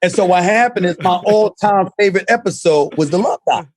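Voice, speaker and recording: A middle-aged man telling a story in lively chat, acting out quotes with shouts and laughs. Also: sits high, brisk, a crowd in the background. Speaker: show guest and co-host.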